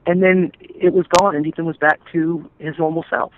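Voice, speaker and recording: A man telling his family's story in an interview, earnest and halting, often restarting his sentences. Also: a little high, flat delivery, slight background noise. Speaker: interview guest, stepfather. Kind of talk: emotional personal account. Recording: tinny phone-like call audio.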